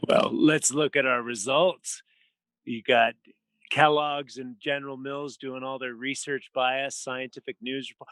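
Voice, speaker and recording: A man's voice: mid-range voice, level tone, slow, long pauses, a bit bright, dry recording. A man appearing as a podcast guest, talking emphatically and rattling off lists of figures in casual conversation. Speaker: podcast guest, health author.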